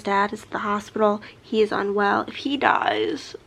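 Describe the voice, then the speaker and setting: A woman book vlogger chatting casually and reacting with excitement to a novel as she reads it. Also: medium pitch, normal speed, a little hiss or hum. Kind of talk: casual reading vlog commentary.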